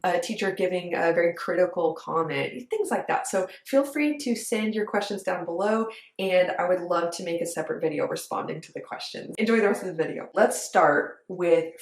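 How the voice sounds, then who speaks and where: A woman who coaches dancers, talking to camera in an earnest, emphatic, conversational way. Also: fairly low pitch. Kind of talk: direct-to-camera coaching talk. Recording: echoey room.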